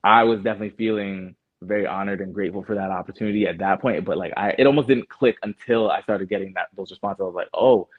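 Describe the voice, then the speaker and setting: A man's voice: on the low side, steady tone, fast talker, few pauses, no room sound. A young Canadian man, a guest artist, chatting in a laid-back way with lots of fillers and restarts. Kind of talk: casual interview chat. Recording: muffled phone-like sound.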